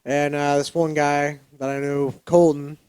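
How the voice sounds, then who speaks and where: A man's voice: on the high side, level tone, unhurried, a little mellow, clear, resonant tone. Rambling, laughing man telling a story. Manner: rambling, laughing, fillers and profanity. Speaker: podcast co-host. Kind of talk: casual storytelling chat.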